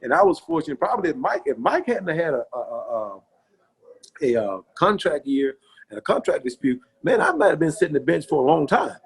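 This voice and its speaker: A middle-aged man, a former pro linebacker, telling stories in a relaxed podcast interview, folksy and repetitive with lots of "you know". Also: fairly high pitch, brisk, gravelly, breathy edge. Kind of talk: casual storytelling interview.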